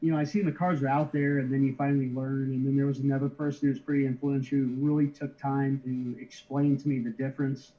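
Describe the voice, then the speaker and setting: A middle-aged man talks through his story in a relaxed, halting way, often doubling back on his words. His voice sits at an ordinary pitch. The audio is slightly dull and lo-fi, like a video call. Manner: halting, many restarts, easygoing chuckles. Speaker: interview guest, card shipper. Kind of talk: casual conversational storytelling.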